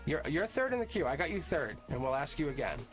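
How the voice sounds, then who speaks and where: A man's voice: on the high side, sing-song, quick pace, fairly bright tone. A man hosting a live tarot reading stream, talking casually and upbeat to viewers in the chat and laughing often. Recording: music playing underneath. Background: music playing.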